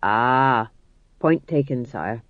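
A man voicing a loud, overeager male sergeant in an audiobook reading. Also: mid-range voice, expressive, extremely slow, no room sound, phone-quality sound, pitched below the performer's own voice. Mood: sheepish. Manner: barking, blunt. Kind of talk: audiobook narration.

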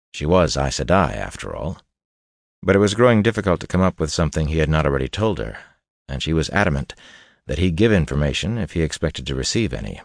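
Male audiobook narrator, extremely low voice, measured and steady, dry booth sound. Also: dry recording. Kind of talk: scripted fantasy narration.

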